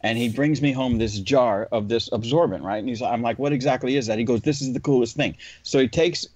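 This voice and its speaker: A man's voice: mid-range voice, a little fast, no echo, highs cut off. A man who cleans windows, chatting casually on a podcast, telling a story and acting out the people in it. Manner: animated, swearing, acts out quotes.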